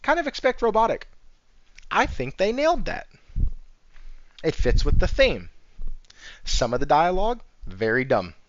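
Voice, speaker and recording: A man's voice: sits high, huge pitch swings, measured pace, pauses often. A man hosting a casual gaming livestream. He rambles, chuckles often and reads chat aloud. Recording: slightly dull, dry sound.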